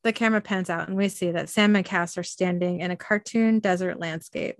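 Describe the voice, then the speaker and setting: A woman's voice: on the low side, fairly even intonation, fairly quick, no room sound. A young woman hosting a podcast, casually reading an episode recap aloud with frequent ums. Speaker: podcast host.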